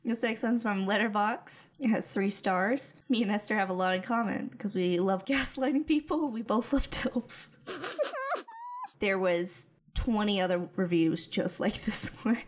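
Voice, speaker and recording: A woman's voice: mid-range voice, normal speed, hardly any pauses. A woman co-hosting a casual movie review chat, reading viewer reviews aloud and laughing often. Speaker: podcast co-host.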